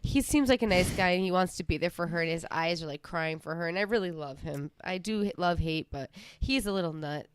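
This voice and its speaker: A woman's voice: lowish voice, fairly quick, hardly any pauses, smooth, no room sound. A woman co-hosting a podcast, chatting bluntly about a reality show, often trailing off and restarting. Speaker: podcast co-host.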